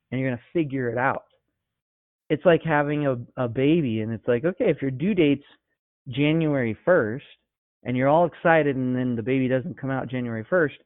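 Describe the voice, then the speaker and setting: A man's voice: mid-range voice, no room sound. A man giving an emphatic, conversational motivational coaching talk to his clients, with many rhetorical questions. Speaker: business coach. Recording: tinny phone-like sound.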